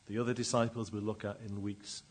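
A man preaching a sermon and reading scripture, dramatic, with slow emphatic pauses and sudden swells in loudness. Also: fairly low pitch, little pitch movement, slight background noise.

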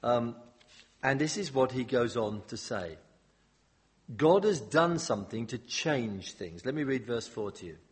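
Husky preacher in a reverberant hall. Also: male voice, medium pitch, measured pace. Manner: animated expository preaching with humorous asides. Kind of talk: sermon.

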